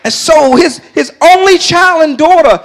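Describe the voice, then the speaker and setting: An older man preaching a sermon as pastor of his church, calling to the congregation and swinging between shouted bursts and quieter asides. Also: very high-pitched, measured pace. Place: church sanctuary.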